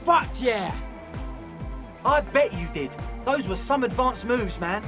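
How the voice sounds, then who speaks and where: An actor playing an excitable young rave leader in a video game, stuttering with giddy excitement. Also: male voice, very high-pitched, slow pace, over music, full character voice. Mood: ecstatic.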